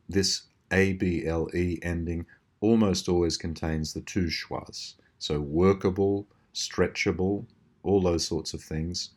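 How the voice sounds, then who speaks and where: An Australian man explaining a language puzzle solution, slowly drawing out example words. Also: deep voice. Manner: precise, drawn-out demonstration of words. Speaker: language teacher.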